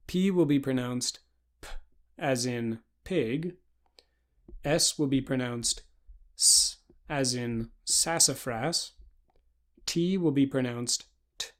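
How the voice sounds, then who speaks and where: A man giving a pronunciation lesson, deliberately spelling out sounds one by one with example words. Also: medium pitch. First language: English. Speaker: pronunciation instructor.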